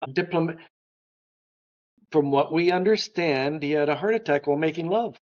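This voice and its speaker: Man telling lively anecdotes, slightly muffled. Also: on the high side, normal speed. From Florida. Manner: lively storyteller. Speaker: guest, art historian. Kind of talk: conversational anecdotes.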